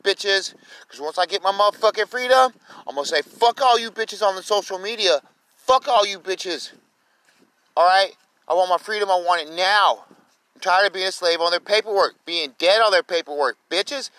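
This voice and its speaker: A man in an angry, profane livestream rant, shouting and repeating himself, speaking into his phone. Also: high voice, rough recording. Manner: furious, profane, repetitive shouting.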